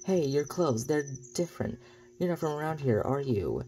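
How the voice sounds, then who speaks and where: A man's voice: on the high side, very animated, normal speed, darkish tone, slight background noise, voice pushed up. A man voicing a cheerful young ranch girl while he reads her game dialogue aloud. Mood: friendly.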